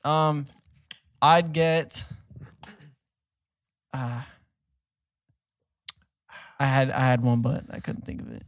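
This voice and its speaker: A young man co-hosting a casual podcast, joking and quick to laugh. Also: medium pitch, creaky, dry recording, studio quality. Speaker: podcast co-host. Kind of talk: casual chat.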